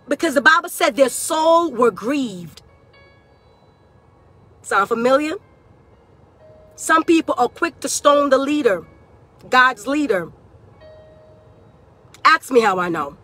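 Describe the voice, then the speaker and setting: A woman delivers a fervent prophetic sermon in a high voice. Her tone is bright and cutting, she repeats phrases and rises into shouts. Faint music plays behind her. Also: animated, measured pace. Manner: fervent, repetitive, shouting at peaks. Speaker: preacher.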